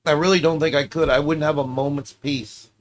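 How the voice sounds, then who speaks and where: A man's voice: a little high, steady tone, fairly quick. A man streaming casually, reacting to clips with offhand, profane commentary.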